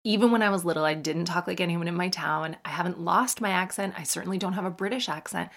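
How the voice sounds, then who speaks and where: A woman in her thirties hosts a podcast in a low, gravelly voice. She speaks with a General American accent in a loose, chatty way. She keeps slipping in quick jokes at her own expense. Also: a bit bright. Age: 30s. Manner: chatty, self-mocking, quick asides. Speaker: podcast host and comedian. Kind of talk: casual podcast chat.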